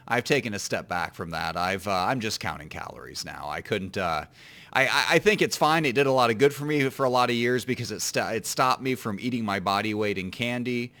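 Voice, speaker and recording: Bright-voiced man rambling in podcast chat. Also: mid-range voice. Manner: rambling, self-deprecating, many restarts. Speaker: podcast co-host. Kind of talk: casual chat.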